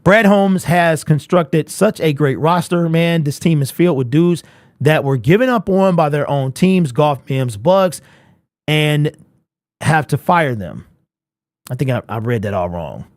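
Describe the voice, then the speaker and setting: Young man, fan live-stream host, casual, animated, talks to chat, slightly high voice, dry close sound. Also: a little slow, no room sound. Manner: animated, chatty, reads out chat comments.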